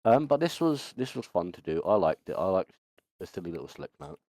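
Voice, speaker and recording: A man's voice: deep voice, big pitch swings, fairly quick, darkish tone, dry recording. A man hosting a casual podcast chat, rambling with many ums and restarts. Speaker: podcast host.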